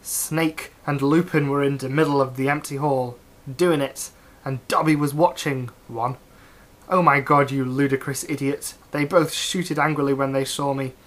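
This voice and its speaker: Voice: mid-range voice, steady tone, moderate pace, a bit bright. Dry, straight-faced comedic reader. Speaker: reader of fan fiction. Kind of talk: mock-serious comedic reading aloud.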